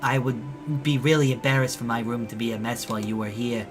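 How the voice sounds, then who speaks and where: A man's voice: mid-range voice, little pitch movement, fairly quick, close to an everyday voice. A man voicing the easygoing teenage boy protagonist of a visual novel, reading his lines casually over game music. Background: background game music.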